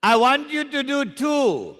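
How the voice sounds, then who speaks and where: A man's voice: very high voice, sing-song, a little slow, fairly bright tone, big-room sound. A South African man teaching maths at a live exam workshop, joking with learners in slangy banter.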